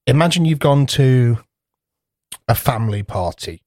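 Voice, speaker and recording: A man's voice: mid-range voice, lively intonation, unhurried, a little mellow, no room sound. Male podcast co-host, sweary storyteller, dry close mic. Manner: swears freely, acts out kids' voices in rambling anecdotes. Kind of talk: casual chat.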